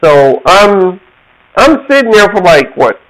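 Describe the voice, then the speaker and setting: A man from the American South tells a story slowly and casually, his voice high and bouncing all over. He slips into other people's voices as he tells it, and he laughs often. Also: low-quality recording. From Georgia, USA. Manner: animated, laughs often, acts out quoted voices.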